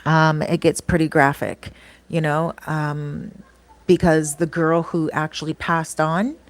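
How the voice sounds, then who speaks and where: Rambling through stories in casual chat, this woman vlogger and channel host acts out quoted dialogue and leans on fillers like "um" and "you know." She speaks slowly in a low voice with flat delivery. The recording is dry.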